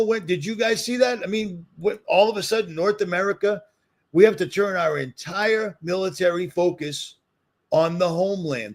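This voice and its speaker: A man's voice: sits high, creaky. A man with a Boston accent, ranting heatedly in a solo commentary video and repeating his points for emphasis. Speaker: commentary vlogger.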